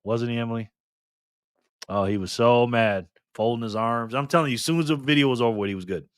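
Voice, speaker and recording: A man's voice: medium pitch, fast talker, smooth, dry recording, clean studio sound. A man hosting a casual live stream, reading out the chat, greeting viewers by name and laughing often.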